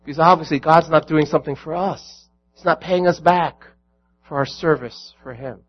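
A man's voice: a little high, normal speed, highs cut off, faint music behind. A man preaching a sermon as pastor, earnest and building to emphatic peaks.

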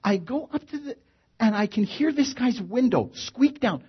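A man telling a funny personal story in an animated, wry way, acting out the action. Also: extremely high pitch, normal speed, husky, muffled recording. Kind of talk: live comic storytelling.

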